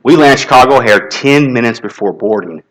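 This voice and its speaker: Lively, bright-voiced male speaker. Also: medium pitch, brisk, poor audio. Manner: animated storytelling, leads call-and-response. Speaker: guest motivational speaker. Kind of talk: inspirational talk to a congregation. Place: spiritual center sanctuary.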